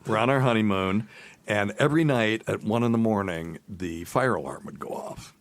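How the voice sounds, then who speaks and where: A man's voice: fairly low pitch, moderate pace, no echo. A middle-aged male podcast host and doctor telling self-deprecating stories in casual chat. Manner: self-deprecating, animated storyteller.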